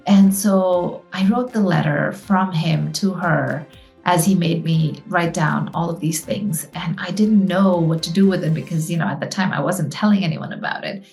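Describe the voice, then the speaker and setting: Woman, medium, earnest storyteller; lower voice, soft music underneath. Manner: gentle, earnest, with many fillers. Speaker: medium sharing a personal story. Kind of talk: reflective personal storytelling.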